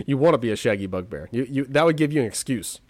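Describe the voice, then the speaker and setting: A man's voice: mid-range voice, brisk, dry recording. A man hosting a webcomics podcast, joking and laughing often in casual banter with his co-host. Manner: jokey, laughs often, lively teasing.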